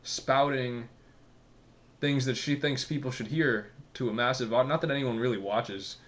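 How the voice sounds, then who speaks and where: A man talks straight to his viewers in a loose, rambling rant. He is sarcastic and profane, and his voice sits at an ordinary middle pitch. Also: fairly even intonation, moderate pace, fairly bright tone. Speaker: commentary vlogger. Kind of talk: casual ranting commentary.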